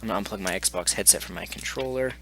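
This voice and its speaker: Sarcastic man with a sharp voice. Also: fairly low pitch, fast talker, creaky, a little hiss or hum. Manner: mocking, exasperated, sarcastic. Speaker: gaming channel host. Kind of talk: sarcastic commentary on received messages.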